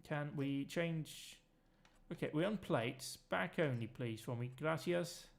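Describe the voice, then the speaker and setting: A man's voice: fairly high pitch, slow pace, vocal fry. A man giving rambling, jokey let's-play commentary while streaming a farming game, swearing freely.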